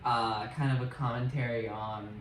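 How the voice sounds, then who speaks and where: A man's voice: medium pitch, fairly even intonation, moderate pace. Laid-back man in a roomy space. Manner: casual, hesitant, many fillers. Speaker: co-host of a TV review show. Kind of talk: casual review chat.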